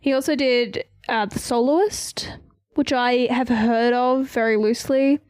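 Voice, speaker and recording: Chatty higher-voiced woman, dry sound. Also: fairly even intonation, measured pace, a little mellow, clear, resonant tone, no echo. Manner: chatty, lots of fillers. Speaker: podcast co-host. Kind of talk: casual chat.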